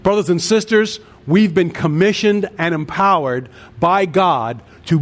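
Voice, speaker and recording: A man's voice: high-pitched, a little slow, hardly any pauses. A man in his sixties, a pastor preaching a sermon with an earnest cadence and emphatic repeated lists. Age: 60s.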